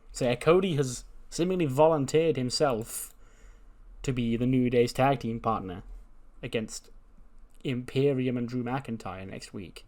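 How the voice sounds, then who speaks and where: A man's voice: medium pitch, a little slow, a little mellow. A man casually narrating a management game, with loose fillers. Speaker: gaming YouTuber.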